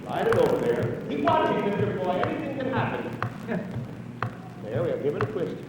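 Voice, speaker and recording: A man hosting a live television game show, chatty and brisk as he coaxes contestants through a stunt. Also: high-pitched, wildly swooping pitch, in a large hall, heavy background noise.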